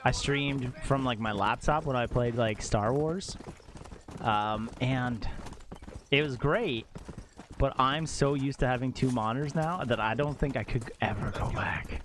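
A young man chatting casually while live-streaming a game at home, excitable and quick to exclaim and laugh. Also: medium pitch, noisy background.

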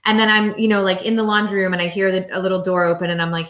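Animated female guest, chatty storyteller; roomy echo. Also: medium pitch, fast, hardly any pauses. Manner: animated storyteller, acting out quotes. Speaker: author and mother, guest. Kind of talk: casual interview storytelling.

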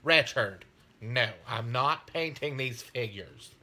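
A man playing a fed-up wife who whines and grumbles at being asked to help. The voice has a bright, clear edge and sounds quieter and a little distant from the mic. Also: medium pitch, expressive, slow pace, heavily acted. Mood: annoyed whining. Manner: whiny, complaining. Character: exasperated wife refusing a hobby chore.

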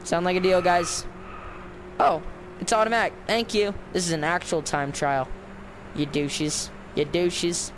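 Grumbling at the game he's playing, this commentator offers relaxed, sarcastic let's-play remarks in a high-pitched voice at a moderate pace. Car sounds from the game are clearly audible behind him.

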